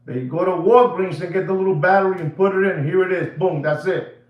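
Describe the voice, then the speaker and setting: Emphatic high-voiced man ranting in an echoey room. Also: fairly quick, highs cut off. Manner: emphatic, repetitive, switches into Spanish phrases. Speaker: watch seller livestream host. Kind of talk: animated livestream rant.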